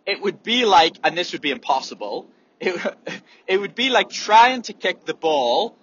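A runner talks straight to camera in a casual, sweary monologue, now and then acting out gasps and wheezes. His voice sits a little high and sounds bright and forceful. The recording is slightly dull, with faint room ambience underneath. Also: sing-song, measured pace, a little hiss or hum. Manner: candid, swears freely, demonstrates breathing sounds.

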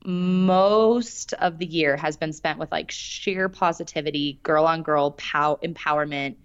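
Woman, young adult, podcast co-host, fast talker, lowish, muffled recording. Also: smooth. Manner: fast-talking, animated. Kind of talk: casual chat.

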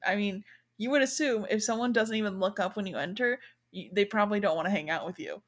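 A woman hosting a book podcast, retelling scenes in a chatty, animated way. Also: mid-range voice, fast talker. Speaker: podcast host. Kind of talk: casual chat.

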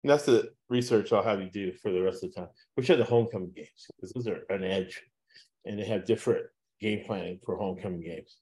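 A man with a somewhat low voice talks through football picks in a loose, casual way. His sentences wander and restart, with lots of "uh" fillers. He laughs easily as he goes. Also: brisk, a little mellow. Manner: rambling, frequent "uh" fillers, laughs at own jokes. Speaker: sports betting podcast host.

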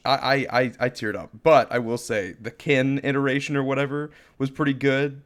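A man co-hosting a podcast in casual chat, animated and quick to laugh and apologize. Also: medium pitch. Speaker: podcast co-host.

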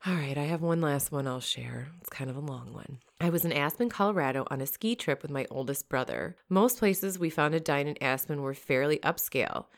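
A woman's voice: low-pitched, brisk, creaky, hardly any pauses. A young adult woman co-hosting a podcast, chatting casually and reading funny stories aloud with easy laughter. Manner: relaxed, laughs easily. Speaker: podcast co-host.

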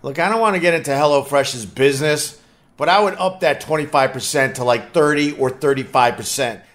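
A man's voice: fairly high pitch, a little fast, fairly bright tone. Blunt, profane New man host. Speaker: podcast host. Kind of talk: casual live-stream talk.

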